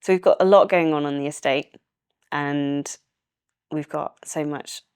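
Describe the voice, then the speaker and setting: Low, smooth Welsh woman. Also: unhurried, no room sound, studio quality. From Wales. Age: young adult. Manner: chatty, laughs easily, relaxed and enthusiastic. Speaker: estate manager, guest. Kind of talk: casual interview chat.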